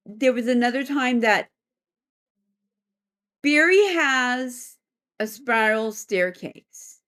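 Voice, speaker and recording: A middle-aged woman, a psychic medium, telling a story in a casual interview as an animated storyteller who laughs often. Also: on the high side, takes it slowly, pauses often.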